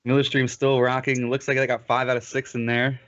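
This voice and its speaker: Mid-pitched guy bantering and teasing on a hockey game stream, muffled lo-fi sound. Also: flat delivery, a little fast, fairly bright tone. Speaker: league commentator and player. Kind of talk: casual live stream commentary. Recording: dull lo-fi stream audio.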